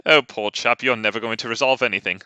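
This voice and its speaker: A man's voice: fast talker, pushed and bright, clear, resonant tone, no room sound, lightly acted. A man putting on a smug, posh British voice for a haughty male card-game opponent. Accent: put-on British. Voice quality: high, haughty, mock-courteous.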